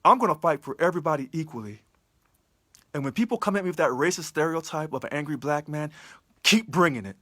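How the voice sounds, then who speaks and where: A man's voice: fairly high pitch, expressive, fast talker, bright, forceful tone, no echo, studio quality. A man giving an impassioned livestream address as a union election candidate, emphatic, full of repeated rhetorical questions. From California.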